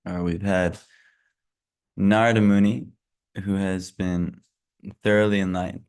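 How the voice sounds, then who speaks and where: A man with hiccups giving a casual scripture lesson, halting often with fillers and restarts. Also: low voice, flat delivery, darkish tone, clear, resonant tone. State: has hiccups. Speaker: scripture class teacher.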